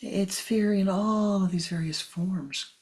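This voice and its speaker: A woman spiritual teacher giving a talk in a soft, half-whispered delivery. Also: mid-range voice, takes it slowly. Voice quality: husky, gravelly.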